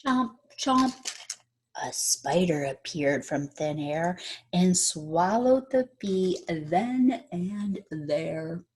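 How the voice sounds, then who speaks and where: A woman's voice: lowish voice, drawn-out words, mellow, slight background noise. A woman teacher reading a picture book aloud to children, drawing out key words and stopping to quiz her young listeners on rhymes. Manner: stretches out key words for effect.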